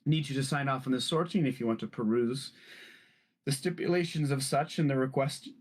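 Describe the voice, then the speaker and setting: A man voicing a proud, formal male corporate official who speaks slowly and politely in a tabletop game. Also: medium pitch, lightly acted.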